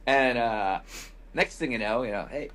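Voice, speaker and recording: Here a man with a husky, mid-range voice and a fairly bright tone hosts a podcast at a normal speed. He shares a casual, wry travel story, loose and profane, with plenty of quoted asides.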